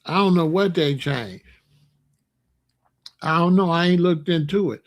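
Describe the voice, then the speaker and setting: A man's voice: a little high, a little slow. A man hosting a casual monologue, talking in a loose, joking, rambling way. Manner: loose, joking and rambling, laughs at own jokes. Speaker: host.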